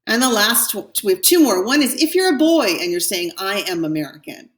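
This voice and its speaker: A woman French teacher giving a recorded class lesson, slowly modelling pronunciations for her students. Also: medium pitch, sing-song, distant mic. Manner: slow, careful model pronunciations. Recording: echoey room, voice a bit off-mic.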